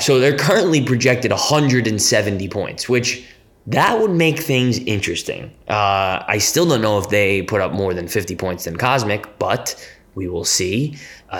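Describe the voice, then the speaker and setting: A man co-hosting a fantasy football podcast, making predictions in a relaxed, joking way with hesitant fillers. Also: fairly low pitch, a little slow. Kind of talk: casual sports chat.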